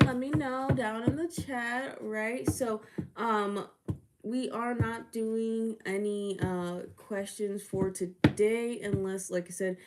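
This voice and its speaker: A woman's voice: mid-range voice, a little mellow, a little hiss or hum. A woman hosting a casual livestream of readings, chatty and laughing often, greeting viewers by name. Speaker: livestream tarot reader and host.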